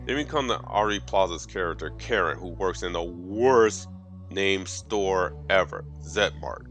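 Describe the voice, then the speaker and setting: A man's voice: sits low, a little slow, a bit bright, soft background music. A man in his thirties giving a profane, sarcastic movie review as a casual rant, with stumbling restarts. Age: 30s.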